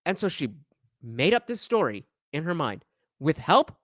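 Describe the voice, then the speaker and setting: A man hosts a reaction commentary, sarcastic and profane as he rants between clips. His pitch swings widely from line to line, and the sound is close and dry with no room around it. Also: sing-song, normal speed, a bit bright, no room sound. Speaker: commentary channel host.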